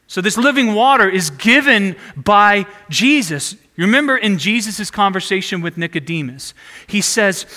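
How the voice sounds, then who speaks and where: A man's voice: sits high, animated, moderate pace, bright, forceful tone, big-room sound. A man preaching a sermon as pastor, prompting the congregation to repeat phrases back to him.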